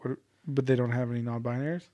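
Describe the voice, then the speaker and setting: A man's voice: medium pitch, steady tone, muffled recording. A young man co-hosting a podcast, chatting casually with jokes, teasing and swearing. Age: young adult. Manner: joking, profane, quick to tease. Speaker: podcast co-host. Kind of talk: casual chat.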